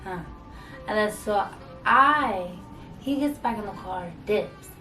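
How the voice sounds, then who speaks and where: A young woman vlogger casually telling a storytime, acting out both sides of an argument in an animated way. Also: mid-range voice, slow pace. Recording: echoey room, mic at a distance, faint music.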